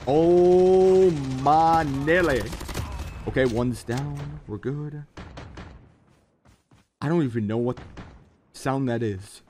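A man giving jokey, excitable live commentary while playing a mobile shooter game. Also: mid-range voice, takes it slowly, long pauses, slight background noise. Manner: excitable, jokey, keeps exclaiming in alarm. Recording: loud game gunfire behind. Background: game gunfire and explosions.

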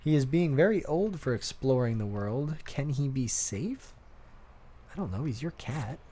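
A man's voice: mid-range voice, expressive, measured pace, dark tone. A man casually commenting while playing a video game, chatting to himself about what happens on screen. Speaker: let's play host.

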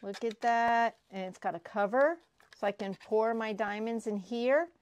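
A woman crafting vlogger unboxing prizes she won, gushing and excitable, often repeating herself. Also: fairly high pitch, normal speed. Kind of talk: casual unboxing vlog.

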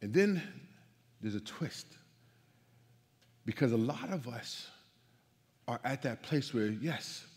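Man preaching in a long-reverb church hall. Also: medium pitch. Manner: conversational storytelling with many restarts and repeated words. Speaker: guest preacher. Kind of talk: sermon. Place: church stage.

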